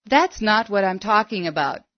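A woman's voice: medium pitch, expressive, normal speed, dry recording, natural voice. A persistent middle-aged astrologer woman in a storybook, read by a woman, coaxing and insistent in her questions. The sound is dry and somewhat dull and lo-fi.

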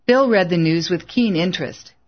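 A woman narrating an audiobook in a measured, earnest way, in a slightly dull lo-fi recording. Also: fairly low pitch.

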